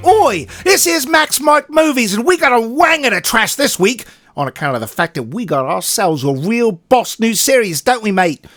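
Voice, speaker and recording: A man's voice: high-pitched, lively intonation, moderate pace, fairly bright tone, faint music behind, voice pushed up. A man putting on a brash young mod tough with a fake London-style voice and made-up slang. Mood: cocky.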